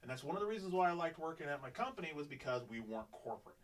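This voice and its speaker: A man's voice: on the high side, rapid-fire, far from the mic, rough recording. A man telling a long work story in a casual podcast chat, swearing freely and acting out what people said. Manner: profane, animated, acts out quoted dialogue.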